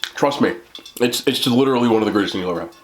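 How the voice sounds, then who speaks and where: Weary male vlogger with a New York accent and a low voice, rambling to camera with self-deprecating laughs. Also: very fast, slight background noise. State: tired. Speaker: mukbang vlogger. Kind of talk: casual late-night rambling to camera.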